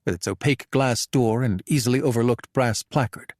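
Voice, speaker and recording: A man narrating a thriller audiobook in a measured, even storytelling manner. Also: mid-range voice, no room sound, clean studio sound.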